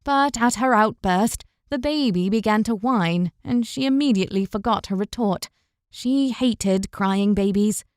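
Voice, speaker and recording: A woman reading a fantasy audiobook as narrator, in steady, even storytelling. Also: medium pitch, a little slow, clear, resonant tone, dry recording, studio quality. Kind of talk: scripted narration.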